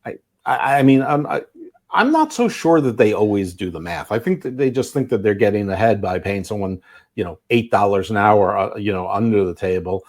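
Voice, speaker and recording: A man co-hosting a casual podcast chat, halting with lots of restarts and dry jokey asides. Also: lowish voice, lively intonation. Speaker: co-host.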